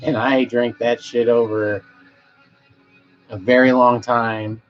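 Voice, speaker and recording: Speaking slowly in a level, medium-pitched voice, a man hosts a casual livestream from home. He rambles in a laid-back way and reads his viewers' chat out loud. The audio is slightly muffled, with faint music in the background.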